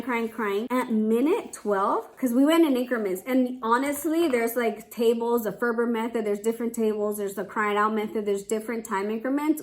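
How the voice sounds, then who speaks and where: A young woman, a mother, chatting casually to camera, with a lot of "like" and restarts. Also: on the high side. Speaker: vlogger, mother.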